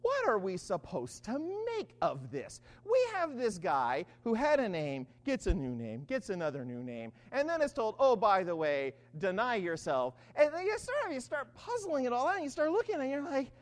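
A Bible teacher giving an animated study talk, often checking in with listeners and acting out the quoted lines. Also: mid-range voice, normal speed, few pauses, in a large hall.

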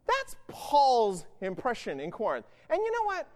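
A man's voice: very high voice, huge pitch swings, unhurried, a little mellow. A man preaching a sermon in a casual, conversational way, often checking in with "right?". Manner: conversational, keeps asking "right?". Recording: long hall reverb.

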